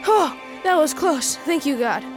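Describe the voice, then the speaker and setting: A timid, nervous young boy in an audio drama, voiced by a woman. His voice sits a little high and his words come out hesitant. Music plays behind him. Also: expressive, a little slow.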